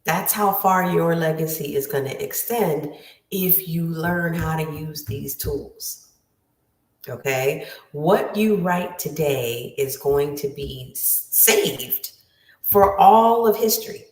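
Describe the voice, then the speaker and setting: A woman's voice: deep voice, slow pace, a little mellow. A woman writing coach giving an emphatic motivational lesson, repeating her key phrases. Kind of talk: motivational teaching talk. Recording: roomy, distant from the mic.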